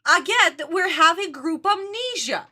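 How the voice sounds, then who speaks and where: An unhurried woman with a very high, sharp, animated voice hosts a reaction video. She laughs at the show and rants about it in exasperation, keeping the commentary casual.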